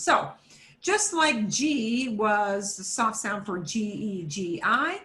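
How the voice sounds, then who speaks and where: An American woman teaching a beginners' Spanish class, slowly and patiently saying words for learners to repeat. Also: medium pitch, expressive, bright, forceful tone, echoey room. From United States. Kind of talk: classroom pronunciation lesson.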